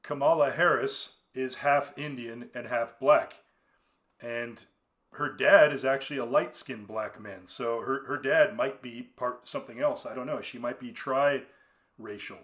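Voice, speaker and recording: A man talks through his own solo commentary podcast at a middling pitch. He rambles conversationally, often stopping to restart his sentences and filling pauses with "uh" and "you know.". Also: fairly bright tone. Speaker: podcast host.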